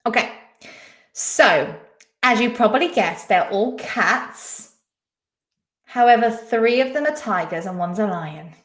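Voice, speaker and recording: A woman's voice: fairly high pitch, animated, slow pace, pauses often, a bit bright. A woman hosting a live-stream quiz, chatting casually and reading out viewers' names and answers. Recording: echoey room.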